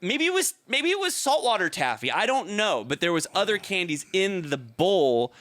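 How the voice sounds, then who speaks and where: A man's voice: moderate pace, dry recording. A man in his thirties, co-host of a podcast, telling a story in casual chat and acting out the quotes with big jumps in voice. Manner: animated, acts out quotes with big pitch jumps.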